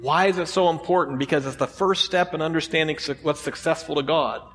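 During this sermon, the pastor's high, somewhat bright voice moves at a fairly quick clip and echoes through the church hall's long reverb. His delivery stays relaxed and chatty, punctuated by rhetorical questions aimed at the congregation.

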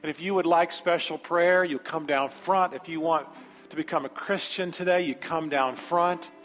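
A man with a high voice preaches in a large sanctuary, telling a story with animated, emphatic energy. The long reverb of the hall hangs on each phrase, and soft music plays faintly behind him. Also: normal speed. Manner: animated storytelling, rising to emphatic altar call. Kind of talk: sermon with a personal story.

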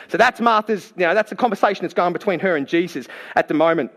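A man preaching a sermon, telling the story in a lively, playful way and acting out the people in it. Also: high-pitched, fast. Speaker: pastor.

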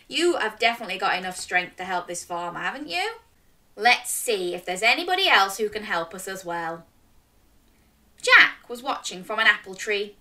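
A woman reading a picture book aloud to young children, animated and interactive, coaxing the listeners to join in. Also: on the high side, moderate pace, recorded from a distance. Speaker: children's storyteller.

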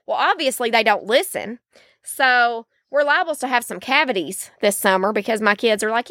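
A woman's voice: on the high side, a little fast, pushed and bright, dry recording, clean studio sound. A woman, hosting a faith-based podcast in a chatty, folksy way with many fillers. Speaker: podcast host.

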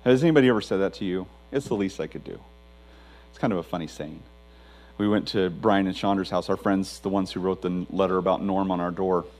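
A middle-aged male pastor preaching a sermon in a conversational, emphatic way, with a low hum behind him. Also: fairly even intonation, fast, darkish tone, poor audio.

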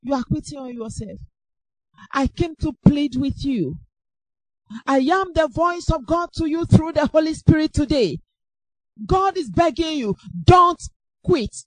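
High-voiced woman preaching with passion. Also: lively intonation, measured pace, long pauses, dry recording, rough recording. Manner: impassioned, repetitive exhortation, shouting at peaks. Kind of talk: sermon.

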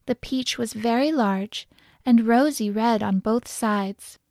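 A woman narrating a children's folk tale in a gentle, expressive storybook reading. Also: on the high side, takes it slowly, no room sound, studio quality.

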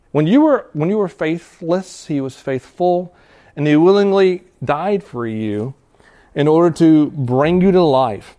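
A male pastor with a rather high, slightly mellow voice preaches to students, reading scripture and explaining it. His sermon is earnest and conversational, with restarts and quick laughs.

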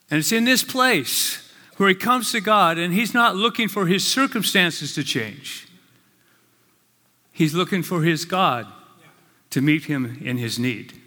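A male pastor preaching a sermon, with slow, earnest, emphatic phrases. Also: on the high side, sharp tone. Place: church sanctuary. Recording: long reverb of a large hall.

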